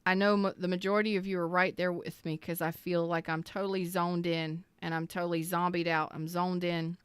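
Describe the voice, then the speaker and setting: A woman's voice: on the low side, level tone, brisk, smooth, dry recording. A woman giving a heartfelt tarot reading, earnest and emotional, repeating phrases and sounding close to tears. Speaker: tarot reader.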